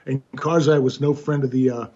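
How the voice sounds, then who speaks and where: A man and military veteran in a casual chat, speaking haltingly and restarting mid-sentence. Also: medium pitch, fairly even intonation, mellow, highs cut off.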